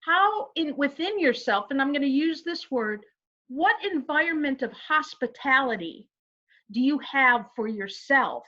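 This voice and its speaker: A woman's voice: high voice, expressive, unhurried, pushed and bright, muffled recording. A woman co-hosting a casual inspirational chat, earnest and emphatic, who asks rhetorical questions. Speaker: co-host.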